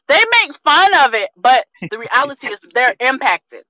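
A woman in her thirties giving an energetic, preachy testimony on a group video call, repeating herself for rhythm and calling her listeners family. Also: sits high, moderate pace, hardly any pauses, no room sound, rough recording. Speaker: community member sharing testimony.

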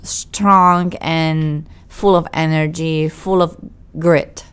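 A woman's voice: low-pitched, fairly even intonation, drawn-out words, clear, resonant tone. A woman, co-hosting a podcast in casual chat, talkative and self-deprecating, restarting her sentences often. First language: Italian. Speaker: podcast co-host.

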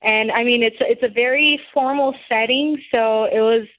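A woman calling in to a radio show, speaking measuredly with small hesitations. Her voice sits a little high. The sound is dull and muffled, as if it comes through a phone line. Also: fairly even intonation, normal speed. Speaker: caller. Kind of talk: call-in chat.

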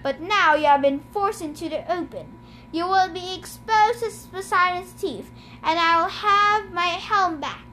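Indignant god of the dead read by a woman; slow, high-voiced storybook delivery. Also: sharp tone, a little hiss or hum, exaggerated voice. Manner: indignant, bellowing, grumbling. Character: male god of the dead, angry, complaining.

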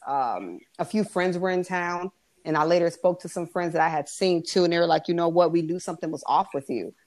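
A woman co-hosting a podcast, chatting in a relaxed way, laughing easily and trailing off into fillers. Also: on the low side. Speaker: podcast co-host. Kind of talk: casual chat.

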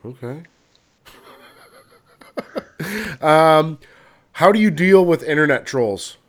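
A man's voice: a little high, lively intonation, extremely slow. A man hosting a podcast, asking brief, laid-back questions with fillers. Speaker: podcast host. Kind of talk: casual interview questions.

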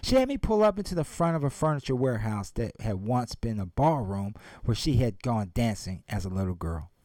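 A man's voice: mid-range voice, big pitch swings, fairly quick, warm tone, dry recording. A man giving a motivational speech and retelling a story, emphatic and speaking straight to his audience. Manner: emphatic, addresses the audience directly.

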